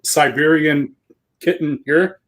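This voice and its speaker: A man's voice: on the high side, steady tone, takes it slowly, a bit bright, low-quality recording. A man guest on a livestream, talking laid-back with dry humor from his game room at home. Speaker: guest, tournament organizer. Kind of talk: casual livestream chat.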